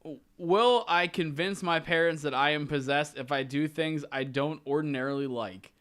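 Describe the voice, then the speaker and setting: A young male podcast host with a bright, slightly high voice. He reads out questions in a jokey way and laughs easily. It is a casual chat among friends. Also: moderate pace, smooth.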